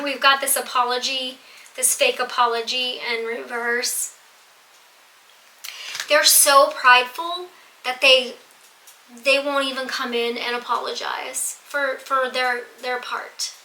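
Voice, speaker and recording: A woman reads tarot cards for her audience in a high, very bright voice. She is earnest and emphatic and often repeats a phrase to drive it home. The room is echoey, with a faint hiss underneath. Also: fairly even intonation, slow, pauses often. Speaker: tarot reader. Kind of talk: tarot reading to viewers.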